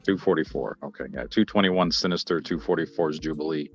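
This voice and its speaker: A man with a very low voice chats in a laid-back, rambling way. He is calling in from his phone in a small shop. The audio is dull and lo-fi, with soft music behind him. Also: fast. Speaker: livestream panel guest. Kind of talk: casual chat. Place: small comic book store.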